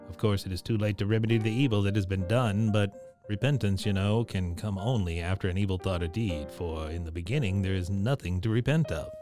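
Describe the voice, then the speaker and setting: A man voicing a soft-spoken, regretful male spirit in a storybook reading, with a soft, pleasant, pleading tone. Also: lowish voice, fairly quick, over music, lightly acted.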